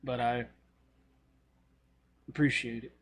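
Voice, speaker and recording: A man voicing a grieving man who answers quietly and in a measured way in a tabletop game. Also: medium pitch, flat delivery. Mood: subdued. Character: grieving grown man hearing of a loss.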